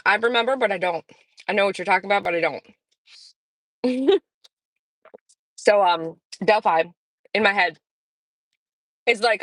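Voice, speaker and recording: A woman's voice: mid-range voice, fairly bright tone, dry recording. A woman in her forties hosting a livestream, talking in a casual, blunt and sarcastic way, rambling with lots of fillers. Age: 40s. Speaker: livestream host. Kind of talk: casual chat.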